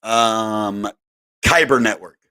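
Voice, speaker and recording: A man's voice: on the low side, takes it slowly, sharp tone, smooth. A man hosting casual crypto market commentary, rambling and exasperated, often cutting himself off mid-sentence. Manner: rambling, exasperated, self-interrupting. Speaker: crypto video host.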